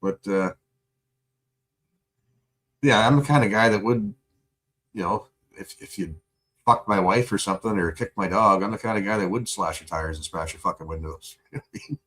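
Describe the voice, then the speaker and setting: A man venting in a profane, angry livestream rant, buzzed and high. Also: normal speed, pauses often, a bit bright.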